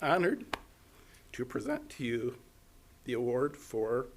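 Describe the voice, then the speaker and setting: A man's voice: mid-range voice, big pitch swings, slow. An older American man with an American accent presenting an award at a ceremony, emotional and choked up as he speaks. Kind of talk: ceremony speech.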